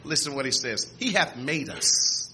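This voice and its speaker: A man preaching a sermon, reading scripture aloud with restarts and repeats, and rising to shouts and exclamations. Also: mid-range voice, very animated, unhurried, crowd noise.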